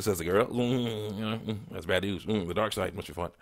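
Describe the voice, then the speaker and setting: A man's voice: fairly low pitch, brisk. A man hosting an online ministry talk, rambling casually through chat messages, chuckling often, with many fillers.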